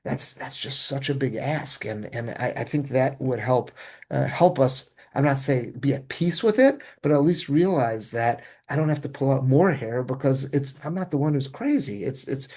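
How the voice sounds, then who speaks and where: A man's voice: medium pitch, normal speed, darkish tone. A man, a rabbi, telling a travel story in casual discussion, rambling with frequent restarts and self-corrections.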